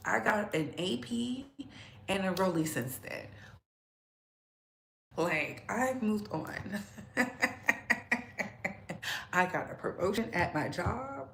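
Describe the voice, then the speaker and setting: Slow, gravelly woman livestreaming in an echoey room. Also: mid-range voice, a bit bright. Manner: chatty, laughs often, talks straight to the chat. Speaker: livestream host. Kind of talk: casual livestream chat. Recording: echoey room with faint background noise.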